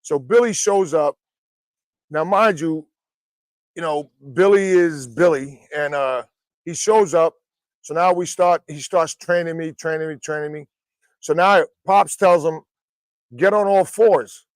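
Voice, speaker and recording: Brief: high-pitched male wrestling trainer, lively and foul-mouthed storyteller, close dry mic. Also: unhurried, no echo. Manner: animated, profane anecdotes. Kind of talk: casual podcast storytelling.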